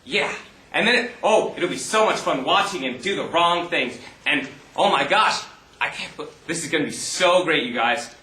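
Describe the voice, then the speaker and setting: A man plays a clever, jaded analyst on an amateur stage, his fairly high, bright voice musing aloud in a mock-formal way. The echoey hall sound carries his lines. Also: expressive, moderate pace, distant mic. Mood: scheming. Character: bored clever male analyst, scheming and smug. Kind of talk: amateur stage play acting.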